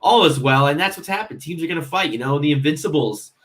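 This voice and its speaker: A man on a casual fan podcast panel, talking in an excitable way and repeating himself. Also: a little high, fast.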